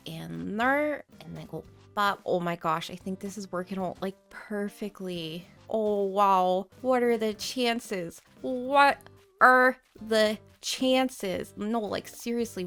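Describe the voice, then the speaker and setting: A woman hosting a video game let's play, chatting in a bubbly, rambling way with tongue-in-cheek conspiracy jokes. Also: mid-range voice. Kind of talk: casual gameplay commentary.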